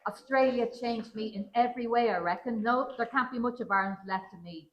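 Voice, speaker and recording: A woman reads a story aloud, her voice sitting a little high. She tells it in a dry, wry first-person way, and the big room around her rings with echo. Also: fairly quick, dull audio. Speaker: children's author. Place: large roomy museum hall at a public event. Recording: roomy event hall.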